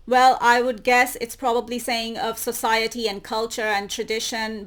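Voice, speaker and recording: Speaking at normal speed, this YouTube host has a slightly high, fairly bright voice. She reads online articles to her viewers and adds commentary, repeating words for emphasis.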